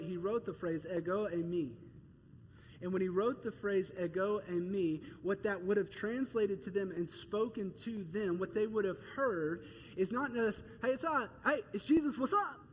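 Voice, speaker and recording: Man, pastor, sermon, high voice, casual animated storytelling, faint room hum. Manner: conversational, animated storytelling with quick laughs. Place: church auditorium. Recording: echoey hall with faint ambience.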